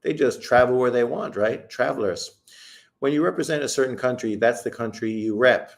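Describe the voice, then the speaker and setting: A man's voice: medium pitch, normal speed, creaky. A man from Canada hosting a casual live stream, talking bluntly and profanely while giving opinions and reading out viewer comments. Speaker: host.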